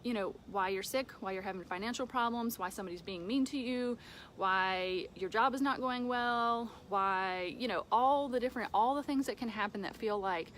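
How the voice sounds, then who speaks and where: A woman giving an informal devotional talk from home, conversational, with fillers and soft laughs. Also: medium pitch, moderate pace, a little hiss or hum. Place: home with a dog nearby.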